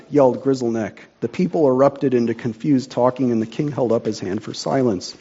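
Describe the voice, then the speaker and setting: Mellow man narrating a storybook. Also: mid-range voice, a little fast, hardly any pauses, husky, dull audio.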